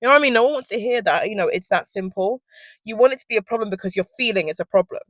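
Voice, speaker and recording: A woman's voice: mid-range voice, rapid-fire, no echo. A woman in her twenties, sniffly, telling a candid storytime in a rambling, sweary, self-interrupting way while sitting in a car. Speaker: vlogger. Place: inside a car.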